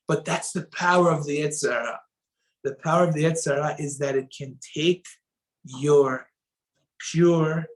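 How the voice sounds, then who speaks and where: A man giving a spoken Torah lesson, telling stories and acting out the quoted voices with sudden swings between loud and soft. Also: on the high side, low-quality recording. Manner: animated, acts out quoted voices with sharp rises and drops in loudness. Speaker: rabbi teaching a Torah lesson.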